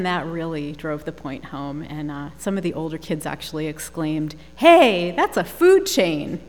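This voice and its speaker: A woman pastor leading prayer and giving a measured, thoughtful sermon in a church. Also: on the low side, a little hiss or hum. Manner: measured, thoughtful preaching with occasional fillers. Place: church sanctuary. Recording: long reverb of a large church hall.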